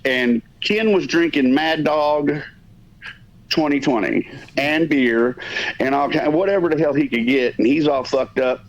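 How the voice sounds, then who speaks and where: A man's voice: a little high, a little slow. A man hosting a podcast, telling a long story in a casual, profane, rambling way that stops and restarts. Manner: rambling, profane, self-interrupting. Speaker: podcast host. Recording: dull lo-fi audio.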